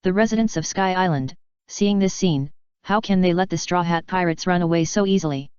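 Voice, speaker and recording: Woman reading an audiobook, low very clear voice, dry and a bit dull. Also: fairly quick, a little mellow, no room sound. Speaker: audiobook narrator. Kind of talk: scripted narration.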